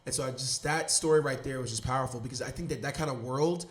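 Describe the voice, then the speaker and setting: A man's voice: mid-range voice, fast. A man hosting a podcast in casual chat, enthusiastic and rambling with slang. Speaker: podcast host.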